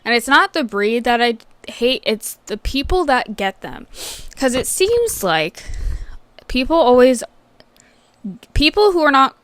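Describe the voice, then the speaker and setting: A woman's voice: high-pitched, sing-song, measured pace, long pauses, fairly bright tone, no room sound. A woman hosting a podcast, telling work stories in a casual, profane ranting style. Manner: swears freely, ranting. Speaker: podcast host. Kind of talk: casual storytelling rant. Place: vet clinic worker telling work stories.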